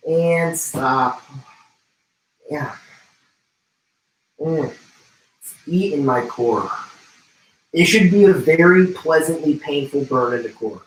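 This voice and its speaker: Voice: medium pitch, slow pace, pauses often, distant mic. Breathless trainer counting out intervals. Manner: calls out intervals and cues, joking. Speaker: personal trainer. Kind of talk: livestream workout coaching. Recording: roomy, away from the mic.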